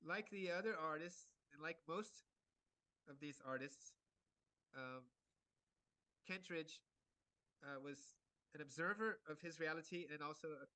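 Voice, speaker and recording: A man giving an art lecture in short phrases, pausing for an interpreter and filling gaps with many hesitations. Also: on the high side, bright, forceful tone, dry recording. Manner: halting, many fillers and restarts.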